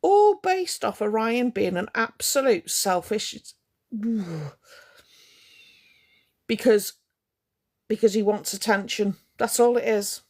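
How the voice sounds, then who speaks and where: A woman's voice: fairly high pitch, lively intonation, slow, pauses often, darkish tone. A woman ranting on a live stream to her viewers, indignant and confrontational, hammering her points home by repeating them.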